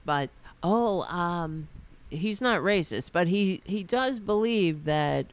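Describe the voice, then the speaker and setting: A woman hosting a casual political commentary show, sarcastic, profane and mocking, swinging between loud and soft. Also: fairly low pitch, animated, slow pace, smooth.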